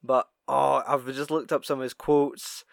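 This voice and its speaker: A man's voice: medium pitch, little pitch movement, a little slow, gravelly, dry recording, studio quality. A young man in casual chat, swearing often, laughing and acting out film quotes.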